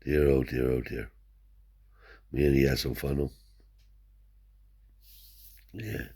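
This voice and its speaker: A man's voice: rumbling low, fairly even intonation, slow, warm tone, husky. An older man, a Romany traveller telling rambling stories in broad dialect, peppered with swearing and "see?". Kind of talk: rambling oral storytelling.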